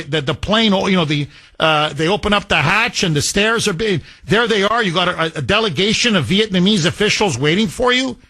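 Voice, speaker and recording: A man's voice: sits high, bright, forceful tone. A man hosting a talk radio show, delivering a combative, sarcastic monologue full of rhetorical questions.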